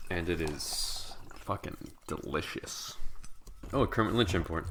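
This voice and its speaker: A man with a very deep voice co-hosts a relaxed podcast chat. He rambles, restarts his thoughts and swears freely as he jokes around. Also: a little slow. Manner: rambling, profane, joking. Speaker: podcast co-host. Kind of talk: casual chat.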